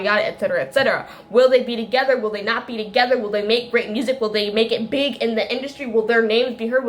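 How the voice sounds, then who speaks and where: A woman with a somewhat high-pitched voice talks through a film review in a loose, rambling way. She keeps circling back, restarting sentences and tossing in little laughs as she goes. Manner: tangent-prone, chatty, frequent fillers and self-corrections; laughs often while talking. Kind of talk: casual rambling monologue.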